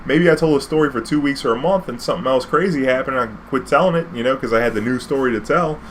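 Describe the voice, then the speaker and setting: Speaking quickly in a mid-range voice, a New Orleans man who used to drive a cab tells a meandering, relaxed vlog story packed with slang and filler words. There's slight background noise.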